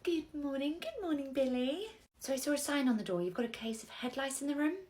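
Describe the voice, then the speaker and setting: A woman playing a soft-spoken young nursery nurse in a comedy sketch, talking quietly and gently and often dropping to a near whisper. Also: high voice, lively intonation, fairly quick, low-quality recording. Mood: calm.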